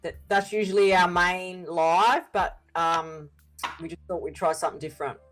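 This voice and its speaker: An Australian woman co-hosts a live tarot stream in a relaxed, friendly way. She speaks in short remarks and warmly invites viewers to return. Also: on the low side, moderate pace, faint music behind. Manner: friendly, brief interjections, invites viewers to subscribe. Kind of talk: casual live-stream chat.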